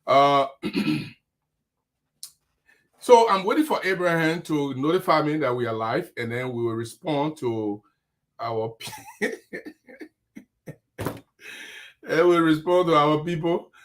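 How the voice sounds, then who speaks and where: Emphatic high-voiced man hosting. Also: slow pace, long pauses. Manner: emphatic, forceful delivery. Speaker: talk show host. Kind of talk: live online talk show monologue.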